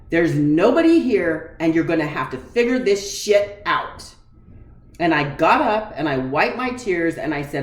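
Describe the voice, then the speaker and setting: A woman's voice: on the low side, unhurried, echoey room. A woman in her forties, candidly telling a personal story with emotion, acting out the conversations she recalls. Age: 40s. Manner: candid, emotional, animated retelling with quoted dialogue. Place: room in her home.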